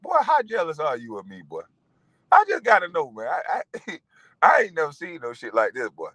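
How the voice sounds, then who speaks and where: A man in his forties delivers a profane rant in a raised, bright voice that swings widely up and down. He is mocking and animated. The sound is dry and close. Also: a little high, normal speed, dry recording, rough recording. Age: 40s. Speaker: vlogger. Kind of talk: profane ranting monologue.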